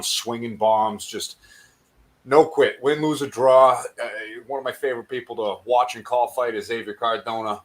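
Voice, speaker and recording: A man co-hosting a fight show and recapping bouts in a steady, measured casual way. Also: mid-range voice, rough recording. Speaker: co-host and fight commentator.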